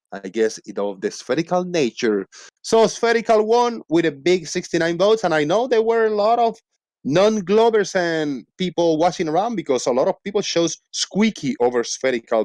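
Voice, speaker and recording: A man's voice: fairly high pitch, lively intonation, normal speed, a little mellow, no echo, studio quality. A man hosting a casual live voice-chat stream, reading out poll results with playful emphasis. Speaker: host.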